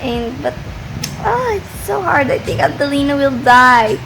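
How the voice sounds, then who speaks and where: A woman's voice: high voice, very animated, measured pace, creaky, noisy background. A woman book vlogger chatting casually and a little hesitantly about a book she is reading, rambling as she thinks aloud. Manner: hesitant, rambling, soft-spoken. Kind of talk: casual reading vlog chat.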